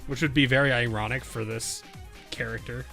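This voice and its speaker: A man's voice: medium pitch, fairly even intonation, brisk, gravelly, pushed and bright, soft background music. A man giving casual game commentary with giggly, amused asides, his throat strained from doing voices. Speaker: game streamer.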